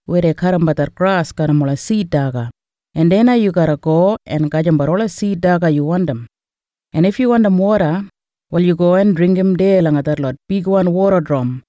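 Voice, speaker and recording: A man's voice: sits high, mellow, no room sound, muffled recording, natural voice. A man with an Australian Kriol accent voicing Boaz, a gracious wealthy male landowner, in a Bible story reading.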